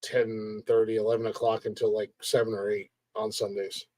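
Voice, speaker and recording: A man hosting a comedy podcast over a video call, bantering excitably and cracking crude jokes. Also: fairly low pitch, moderate pace, no echo. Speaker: podcast host and co-creator. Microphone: video call mic.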